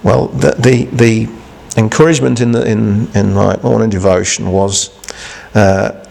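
Gravelly-voiced man preaching a homely sermon. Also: lowish voice, steady tone, darkish tone. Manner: halting, conversational, with many restarts and rhetorical questions. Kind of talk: informal devotional sermon.

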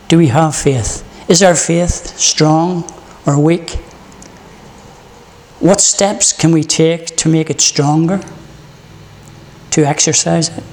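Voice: medium pitch, a little mellow, big-room sound. A preacher opening with prayer, then delivering an earnest morning sermon with stories.

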